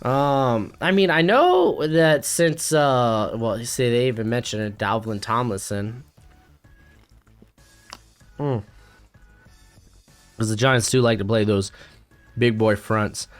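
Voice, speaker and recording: A man hosting a casual solo sports reaction from home, excitable and rambling with many fillers. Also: mid-range voice, takes it slowly, long pauses, clean tone, soft background music. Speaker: sports commentary host. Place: home, with a dog nearby.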